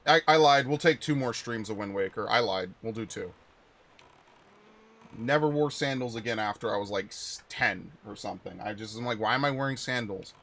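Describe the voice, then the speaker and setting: A young man streaming a video game, chatting casually with viewers and rambling through stories with sudden loud outbursts. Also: lowish voice, normal speed. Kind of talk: casual live-stream chat while playing.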